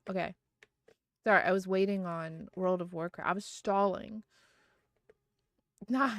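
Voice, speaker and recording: A woman's voice: medium pitch, no room sound, clean studio sound. A woman streaming live, chatting casually and giggling often, with lots of fillers.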